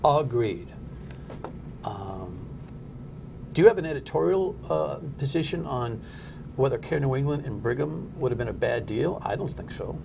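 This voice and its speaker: A middle-aged man from New Jersey hosting a talk radio show, blunt and rambling, his pitch jumping up when he gets worked up. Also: lively intonation, moderate pace, creaky, long pauses, darkish tone, slight background noise.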